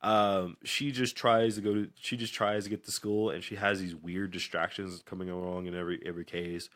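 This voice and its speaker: A man's voice: low-pitched, fairly quick. A man co-hosting a casual podcast, chatting about anime, laughing often and acting out scenes in funny voices. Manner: animated, laughing, acts out scenes. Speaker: podcast co-host. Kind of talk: casual chat.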